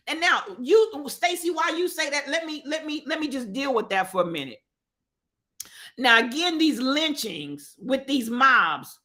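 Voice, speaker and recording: A woman host speaks with a high, bright and forceful voice. She delivers preacherly commentary on the radio. She repeats phrases and asks her listeners rhetorical questions. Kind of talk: impassioned talk-radio commentary.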